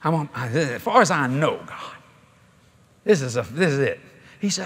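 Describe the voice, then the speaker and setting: A man's voice: mid-range voice, normal speed, long pauses, breathy edge. A middle-aged man, preaching a sermon in a folksy storytelling way at a large convention. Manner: folksy, animated storytelling with laughter.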